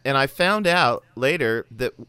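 A man's voice: medium pitch, expressive, a little slow, bright, forceful tone, clean tone, dry recording. A man who works as a voice actor, talking bluntly in a podcast discussion, swearing and restarting his sentences. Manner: blunt, profane, rambling with restarts.

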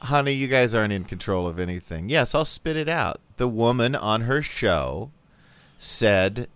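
A man's voice: medium pitch, lively intonation, normal speed, fairly bright tone, clean tone, dry recording. A man co-hosting a casual talk show, dramatic and indignant in a campy way. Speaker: co-host. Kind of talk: casual chat.

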